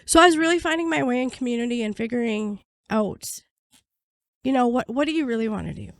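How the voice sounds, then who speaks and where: Blunt, hoarse woman telling her story. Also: a little high, fast talker, no room sound, clean studio sound. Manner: blunt, swears freely, acts out quotes. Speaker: podcast guest, prisoner advocate. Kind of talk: candid storytelling interview.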